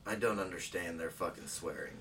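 A man's voice: deep voice, a little fast, sharp tone, far from the mic, slight background noise, rough recording. A man from the United States co-hosting a podcast, trading crude, laughing banter full of swearing. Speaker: podcast co-host. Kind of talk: casual chat.

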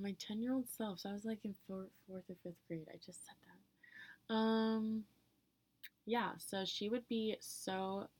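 A young woman talking to her own recorder in a casual, profane monologue, blunt and ranting, with loud bursts of indignation and breathy whispered asides. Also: mid-range voice, no echo. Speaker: solo vlogger answering question prompts. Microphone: own recorder close by.

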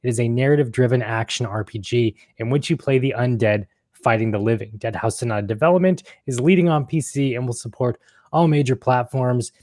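A man's voice: mid-range voice, a little fast, a little mellow, no echo, studio quality. A man hosting a casual gaming podcast, who laughs easily and rambles with restarts. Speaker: host.

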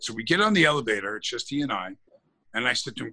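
A man's voice: mid-range voice, fast, rough recording. A man co-hosting a podcast, telling a long anecdote in casual chat, acting out the quotes and restarting his sentences often. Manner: animated storyteller, acts out quotes, restarts often. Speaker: podcast co-host.

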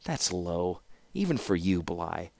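Stern bossy lady scholar, a guy doing her, sharp and scolding, raised pitch, dry sound. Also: sing-song, slow pace, gravelly, dry recording, exaggerated voice. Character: stern older female scholar, commanding.

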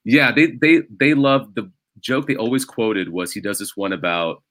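A man's voice: fairly low pitch, moderate pace, a bit bright, dry recording. A man, a stand-up comedian, telling stories in a casual podcast chat and laughing as he talks.

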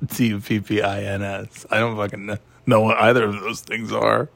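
A man's voice: on the low side, level tone, normal speed, creaky, a bit bright. A man hosting a casual chat, rambling and sarcastic, swearing freely.

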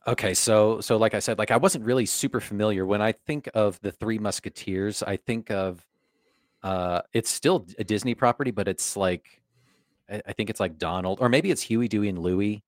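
A man's voice: fairly low pitch, normal speed, no room sound, studio quality. A man co-hosting a film podcast, talking loosely and chattily and swearing casually. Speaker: podcast co-host. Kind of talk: casual film-review chat.

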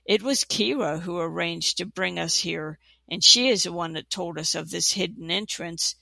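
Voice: mid-range voice, moderate pace, vocal fry, sharp tone, no room sound. A storybook narrator voicing an earnest male elf companion.

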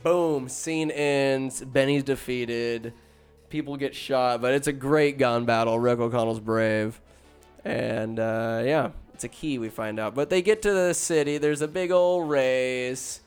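Man, casual comedic plot retelling, slangy and profane, crisp clear voice, middle pitch. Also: steady tone, measured pace, faint music behind. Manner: rambling, profane, slangy asides. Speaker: film recapper.

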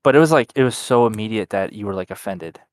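A man's voice: on the low side, quick pace, dry recording, studio quality. A young man co-hosting a podcast, teasing and arguing his points in casual banter. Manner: teasing, argumentative. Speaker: podcast co-host.

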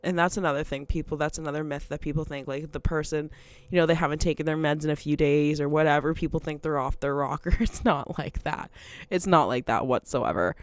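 A woman's voice: deep voice, a little fast, no room sound. Casual woman, chatty and unfiltered, laughs mid-sentence, dry close mic. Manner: rambling, laughs often, swears freely. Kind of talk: casual monologue.

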